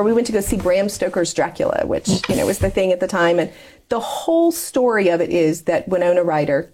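A woman's voice: fairly low pitch, a little mellow. Chatty, candid woman in her forties. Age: 40s. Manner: chatty, candid, laughs often while talking. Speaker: interview guest. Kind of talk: personal life story in conversation.

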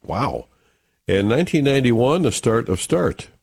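A man's voice: mid-range voice, very animated, unhurried, gravelly, a little mellow, breathy edge, no room sound, clean studio sound. A man hosting a casual morning radio show with easygoing banter, chuckling as he reads the day's items. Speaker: radio host.

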